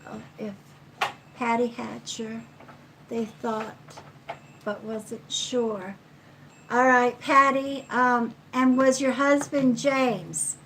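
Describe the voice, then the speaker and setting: A middle-aged woman giving a live psychic card reading in a slow, chatty way, counting cards aloud. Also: on the high side, level tone, fairly bright tone, slight background noise, low-quality recording. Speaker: psychic reader.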